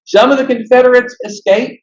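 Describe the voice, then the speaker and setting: A man giving a history lecture to a club meeting, telling it as an animated story and acting out the quoted lines. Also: very high voice, a little fast. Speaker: guest speaker. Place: meeting hall. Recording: echoey, dull lo-fi room recording.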